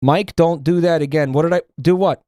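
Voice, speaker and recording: A man's voice: on the high side, brisk, mellow, no echo, clean studio sound. Blunt, foul-mouthed male streamer. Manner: blunt, profane ranting. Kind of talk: casual livestream commentary.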